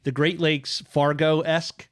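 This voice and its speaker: A man's voice: a little high, flat delivery, slow pace, no echo, clean studio sound. Rambling man reading quirky news. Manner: rambling, many fillers, enthusiastic about lists. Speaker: host. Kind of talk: casual chat, reading news items. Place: radio studio.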